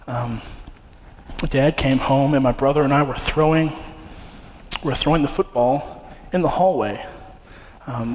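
Earnest male preacher in a reverberant hall. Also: medium pitch. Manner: earnest, conversational, many fillers and restarts. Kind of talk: sermon with personal story. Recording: long hall reverb, faint ambience.

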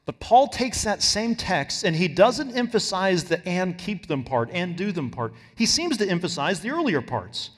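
A man's voice: sits high, big pitch swings, normal speed, hardly any pauses, slightly rough. Male pastor, sermon, emphatic delivery, long reverb of a large church hall. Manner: emphatic, varies loudness and pace for stress.

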